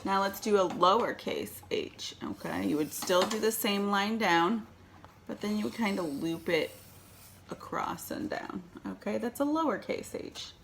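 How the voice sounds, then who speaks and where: Woman, preschool teacher, patient, animated pitch, slow pace. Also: creaky, slight background noise. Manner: patient, checks in with "okay?" often. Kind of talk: online circle time lesson for young children.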